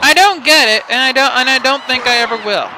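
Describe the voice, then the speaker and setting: A man with an extremely high, pushed and bright voice narrates his gameplay at a quick pace, rambling, stuttering and firing off exasperated rhetorical questions. He's a let's play host on a close desk mic that he keeps bumping, with a little hiss or hum.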